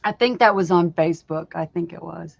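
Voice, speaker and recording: A woman's voice: on the low side, brisk, creaky, no room sound. A woman co-hosting a live stream, chatting casually and laughing often as she tells stories. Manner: storytelling, laughs often, acts out voices in retelling. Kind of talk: casual chat. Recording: dull lo-fi stream audio.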